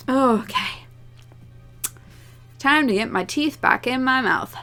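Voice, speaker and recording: Let's play host, woman, casual and giggly, bright tone, faint music behind. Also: sits high, expressive, takes it slowly, long pauses. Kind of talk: game commentary.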